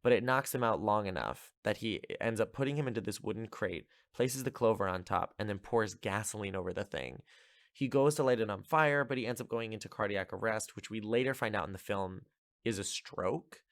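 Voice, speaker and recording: A man with a fairly low voice talks through a movie plot in a loose, chatty way, dropping "like" everywhere and sounding amused. The recording is dry and close, with no room sound. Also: brisk, dry recording. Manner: chatty, lots of filler "like", amused. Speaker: podcast host. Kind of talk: casual movie recap.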